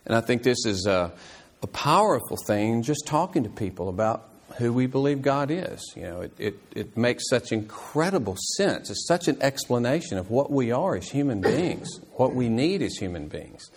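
A man teaching a church Bible class in an earnest, explanatory way, halting often with fillers and restarts. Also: mid-range voice, very animated, husky.

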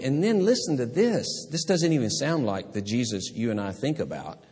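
A man pastor preaching a sermon, animated, acting out the voices of people in the story he tells. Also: fairly high pitch, normal speed, slightly rough. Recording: long hall reverb.

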